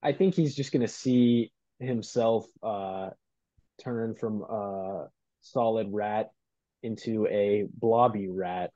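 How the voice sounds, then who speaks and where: A man's voice: fairly low pitch, slow pace, mellow, no room sound, dull audio. A man playing a tabletop game, describing his move unhurriedly and thinking aloud. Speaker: player. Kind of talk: casual tabletop play.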